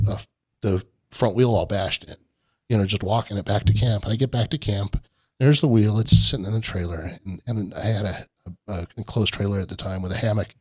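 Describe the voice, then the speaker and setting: A man's voice: lowish voice, dry recording. A middle-aged man, a podcast guest, telling a long rambling story in a casual interview and laughing often. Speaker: podcast guest, off-road park owner.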